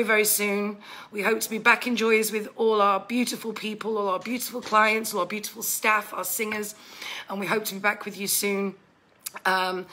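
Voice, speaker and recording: A woman with a bright, forceful voice speaks into a phone on a live stream. She gushes thanks to her viewers, full of ums, and sounds emotional. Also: medium pitch. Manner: gushing, warm thanks with many fillers. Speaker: bar owner hosting a live stream.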